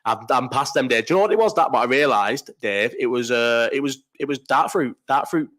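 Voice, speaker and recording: Young bloke hosting a live stream: blunt, sweary, rambling chat with plenty of restarts. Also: male voice, mid-range voice, lively intonation, brisk, a bit bright.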